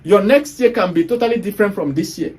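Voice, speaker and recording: A Nigerian-accented man talks straight at his listeners in a fairly high voice. He lectures bluntly, firing off rhetorical questions and scolding them for their excuses. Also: animated, quick pace, darkish tone. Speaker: online business speaker. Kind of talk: motivational talk to viewers.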